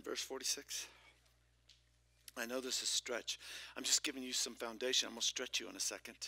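A man preaching a lively sermon as pastor of a church, shifting between loud exclamations and hushed whispers with playful asides. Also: fairly low pitch, vocal fry, no echo. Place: church sanctuary.

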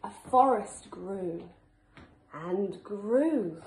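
A woman teacher reading a picture book aloud to children in a slow, expressive storytelling manner, in a school classroom. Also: mid-range voice, slight background noise. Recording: echoey room.

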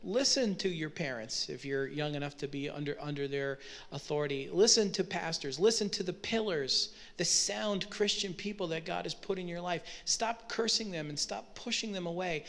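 A man with a notably high-pitched voice preaching a sermon, working through scripture verse by verse. He talks to the congregation in a conversational way, checking in with rhetorical questions as he explains. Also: moderate pace, fairly bright tone. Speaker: pastor.

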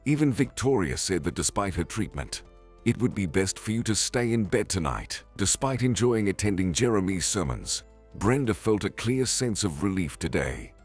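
A man narrating a scripted story in an even, measured way. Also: low-pitched, breathy edge, soft background music.

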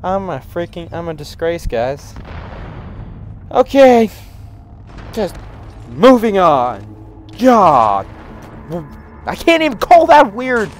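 A man giving excitable reaction commentary to memes, with loud outbursts and frequent laughter. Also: sits high, slow pace, long pauses.

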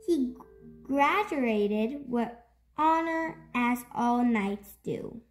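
A woman reads a children's picture book aloud as a storytime host. Her voice sits fairly high and moves about lively, stretching words out at an unhurried pace. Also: soft background music. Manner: expressive, slow storytelling with drawn-out words.

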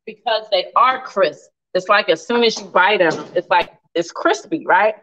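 A woman hosting a casual live cooking stream, animated and laughing often as she reads viewer comments aloud. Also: mid-range voice, normal speed, dull audio.

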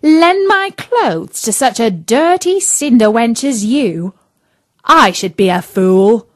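A woman voicing a haughty, scornful young stepsister in a storybook, speaking in a sneering, indignant, loud voice. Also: fairly high pitch, expressive, takes it slowly, voice pushed up.

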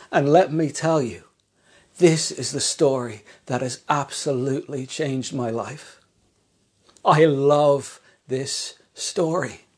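An Irish man delivers a sermon as a pastor, speaking slowly and deliberately. He is earnest, pressing question after question with rising intensity. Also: medium pitch, a little mellow.

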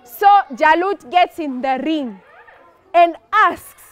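A woman narrating a religious story for children in an animated way, often asking her listeners questions. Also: high voice, slow pace.

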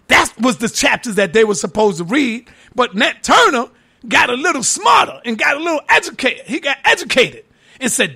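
A man giving a heated, profane preaching-style lecture, mocking his critics and often shouting for emphasis. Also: extremely high pitch, sing-song, normal speed, gravelly, husky. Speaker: religious lecturer.

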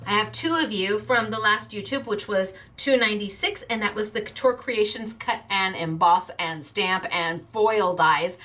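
A woman hosting a chatty craft video, bubbly and excited, often breaking into laughter. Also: mid-range voice, normal speed, few pauses. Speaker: craft shop owner and video host.

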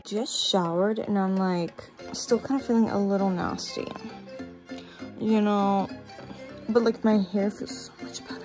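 A woman's voice: fairly even intonation, unhurried. Bubbly young woman chatting to her phone, self-deprecating, faint music under. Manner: rambling, bubbly, self-deprecating, sing-song swings in pitch. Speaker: vlogger. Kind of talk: casual vlog chat. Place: home and car. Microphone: phone camera.

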